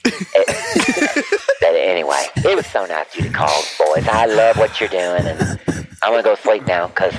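A man's voice: low voice, sing-song, normal speed, music in the background, poor audio. A man voicing a rambling, doting elderly aunt, calling in on a speakerphone. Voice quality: meandering, gossipy, loses the thread. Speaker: caller. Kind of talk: comedic phone-call character bit. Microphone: phone on speaker. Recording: speakerphone call with background noise.

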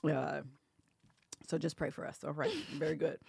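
A woman co-hosting a podcast, telling a story in a casual, animated way and laughing often as she acts out what people said. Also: low-pitched, moderate pace, gravelly, husky, dry recording, studio quality. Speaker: podcast co-host.

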